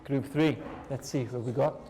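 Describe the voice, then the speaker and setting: A man teaching a class, leading slow repeat-after-me drills in a clear, encouraging way. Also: mid-range voice, a loud crowd. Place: classroom with students.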